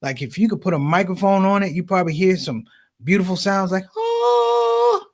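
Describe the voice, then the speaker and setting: A man doing stand-up comedy, telling stories as an animated storyteller with big voice swings. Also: sits high, quick pace.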